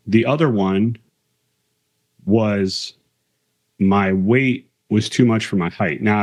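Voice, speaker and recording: A man's voice: on the low side, darkish tone, dull audio. A man, a military aviator and author, telling candid stories from his career in a casual interview. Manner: candid, conversational, retells quotes with emphasis.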